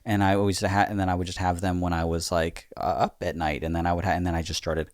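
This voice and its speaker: A man with a fairly low voice recorded close and dry tells a personal story on a podcast. He talks casually and frankly, swears freely and relaxes into the retelling. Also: little pitch movement, fast talker, no echo. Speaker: podcast co-host.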